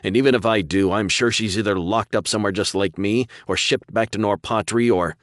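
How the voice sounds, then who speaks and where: A man's voice: lowish voice, a little fast, no room sound, clean studio sound, pitched above the performer's own voice, natural voice. A man voicing a weary young male sergeant prisoner who talks in a sarcastic drawl.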